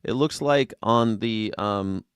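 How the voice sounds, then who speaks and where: A man hosting a live call-in show, rambling and excitable, swearing freely as he talks. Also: on the low side, slow pace, clean tone, no echo, clean studio sound. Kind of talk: casual call-in chat.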